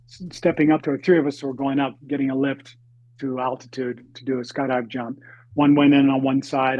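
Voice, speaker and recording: A man in his seventies, a podcast guest, telling a story in a halting, dramatic way that swings between loud and hushed. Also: mid-range voice, no room sound. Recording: dry, slightly dull lo-fi recording.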